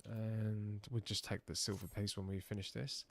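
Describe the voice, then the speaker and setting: A man's voice: on the low side, level tone, normal speed, creaky, hardly any pauses, dry recording. English man muttering game commentary. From England. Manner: muttered asides, self-deprecating. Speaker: streamer.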